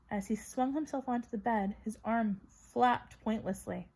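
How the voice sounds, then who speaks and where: A woman narrating a children's fantasy novel with expressive reading. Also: a little high, a little slow, hardly any pauses. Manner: expressive, voices characters. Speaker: audiobook reader. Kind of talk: storybook narration.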